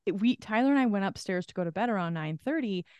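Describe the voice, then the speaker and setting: A woman's voice: mid-range voice, quick pace, clear, resonant tone, no room sound, highs cut off. A woman co-hosting a podcast, telling stories animatedly with lots of "like" and acted-out quotes. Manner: animated storyteller, heavy use of "like", acts out quotes. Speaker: podcast co-host. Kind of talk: casual chat.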